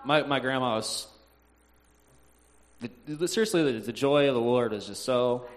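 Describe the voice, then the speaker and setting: A man telling a personal faith story in a halting way, with frequent "uh"s, sighs and restarts. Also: medium pitch, a little hiss or hum.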